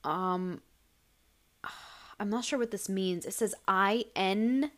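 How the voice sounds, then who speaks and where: A woman's voice: mid-range voice, slow pace, pauses often. A young woman hosting a casual advice podcast, answering listener questions bluntly and heatedly, with lots of swearing.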